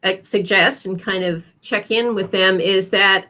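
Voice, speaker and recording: A woman career coach giving advice as an interview guest, animated and acting out example phrases. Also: medium pitch, unhurried. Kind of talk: interview conversation.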